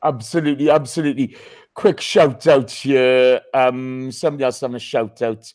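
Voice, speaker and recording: A man hosting a live podcast stream, loud and excitable, swearing freely and reading out chat names over a video call. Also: medium pitch, normal speed. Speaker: podcast host.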